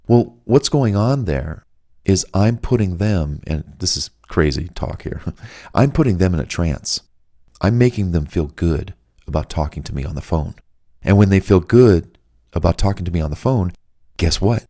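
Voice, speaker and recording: A man giving relaxed, unhurried advice, drawing out his words with long pauses, reading his own audiobook. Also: low voice. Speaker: audiobook author and narrator. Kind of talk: relaxed advice talk, slow and soothing.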